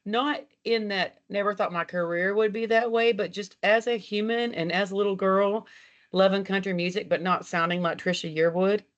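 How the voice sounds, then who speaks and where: A chatty woman from Texas tells stories on a call, laughing easily, swearing now and then and acting out both sides of conversations. Her voice sits in an ordinary middle pitch. The sound is dull and lo-fi, like laptop audio heard from home. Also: steady tone, normal speed. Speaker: country singer, guest. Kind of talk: casual interview storytelling. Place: at home, walking around the house. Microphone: video call from a laptop.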